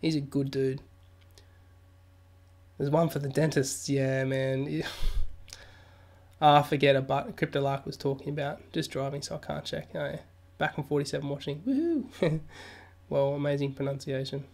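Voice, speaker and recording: A man's voice: medium pitch, level tone, normal speed, creaky, long pauses, a little mellow. A man hosting a casual crypto live stream, reading news aloud and joking with viewers through a studio mic. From Australia. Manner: jokey, chatty, reads news aloud then riffs. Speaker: crypto livestream host. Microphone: new studio mic.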